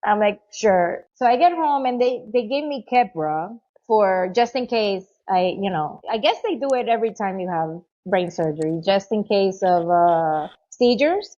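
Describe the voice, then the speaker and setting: A middle-aged woman guest telling a personal story in a casual interview, animated, acting out what others said. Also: medium pitch, normal speed, few pauses, muffled recording. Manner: animated, acts out quoted voices, many "you know"s.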